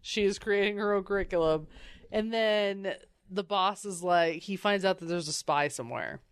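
A woman co-hosting a casual chat, recapping a comic book and acting out the characters in quick put-on voices, with frequent swearing. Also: medium pitch, clear, resonant tone, dry recording. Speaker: podcast co-host.

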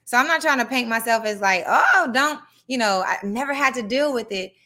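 A young adult woman hosting a live podcast, talking in an animated, conversational way and now and then reading passages aloud. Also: a little high, fast talker. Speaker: podcast host.

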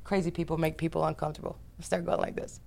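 A woman's voice: sits low, rapid-fire, creaky. Brash, profane American woman. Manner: brash, profane, animated storyteller. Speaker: guest, business founder. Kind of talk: casual storytelling on a podcast.

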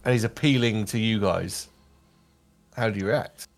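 A man's voice: lowish voice, moderate pace. A man narrating a tabletop game as game master, describing scenes to the players.

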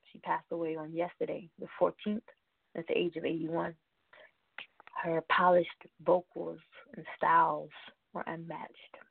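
A woman's voice: lowish voice, gravelly, breathy edge, no room sound. A woman hosting a radio show, chatting casually in a rambling way and laughing often. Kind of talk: casual show chat reading birthdays. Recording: tinny phone-like line, dry.

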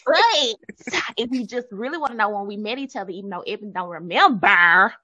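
A woman with a Memphis Southern accent, co-hosting a casual podcast, talking in a lively, playful way and laughing often. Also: mid-range voice, a little fast, no echo, lo-fi sound. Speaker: podcast co-host, therapist.

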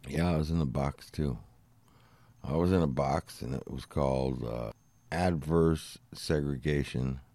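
A man's voice: very deep voice, measured pace, warm tone, dry recording. A man co-hosting a podcast, chatting in a laid-back, blunt way with casual swearing. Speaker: podcast co-host. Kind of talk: casual chat.

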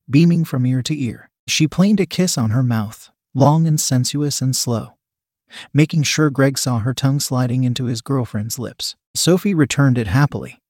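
A man narrating an erotic story in a steady reading voice. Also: medium pitch, no echo, clean studio sound.

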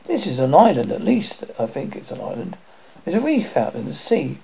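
A man's voice: a little high, huge pitch swings, moderate pace, creaky, mellow, slight background noise, full character voice. A man voicing an offhand, self-assured fair-haired schoolboy in a storybook reading. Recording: dull lo-fi recording.

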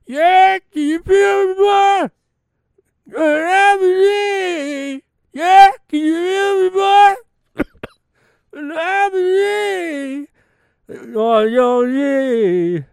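A man putting on a mock singing impression of a male singer, wailing in a high falsetto with cracking cries. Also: animated, very slow, creaky, no room sound, studio quality, exaggerated voice. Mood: mock crooning. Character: male singer crooning, warbling falsetto parody.

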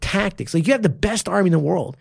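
In a clean studio with no echo, a man speaks in a high, creaky, husky voice. A martial arts coach who co-hosts a podcast, he talks casually with lots of animation, plenty of swearing, and fast bursts of enthusiasm.

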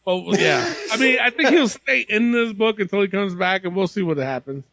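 Male podcast host, animated pitch, dry close sound, loose profane banter. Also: normal speed, creaky, no echo. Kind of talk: casual chat.

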